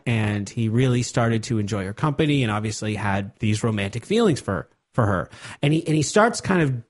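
A man in casual chat, animatedly summarizing a story for co-hosts. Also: mid-range voice. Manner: chatty and animated, pace jumps around.

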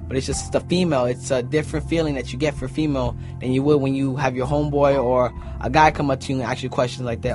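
A man's voice: medium pitch, steady tone, quick pace, few pauses, over music. A young man recounting a personal story in a casual way, acting out what people said. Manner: casual, retells events by acting out quoted dialogue. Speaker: interviewee.

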